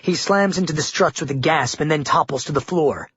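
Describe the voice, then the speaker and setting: A man reading an audiobook in a measured, dramatic scripted narration. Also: fairly high pitch, a bit bright, slightly rough, no echo. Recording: dull lo-fi dry recording.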